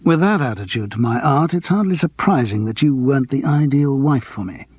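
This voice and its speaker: A man's voice: medium pitch, lively intonation, fairly quick, darkish tone, husky, no room sound. A man voicing a theatrical middle-aged stage actor with a grandiose, self-mocking manner. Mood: mock-pompous.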